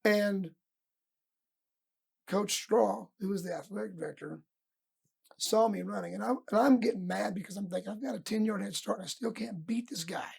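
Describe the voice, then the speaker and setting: This is a man's high, gravelly and husky voice at a moderate pace. A middle-aged wrestling coach, he's telling stories of his youth in a laid-back podcast interview, animatedly voicing what his old coaches said.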